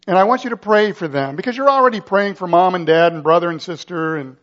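High-pitched male pastor preaching, dramatic, lots of questions, kinda dull lo-fi sound. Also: fast talker, fairly bright tone. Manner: dramatic, builds urgency with rhetorical questions. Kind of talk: sermon.

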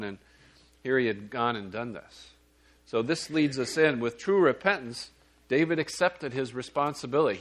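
A man's voice: medium pitch, fairly bright tone. A man preaching a sermon in a plain, conversational way. He checks in with his listeners and sometimes restarts a phrase.

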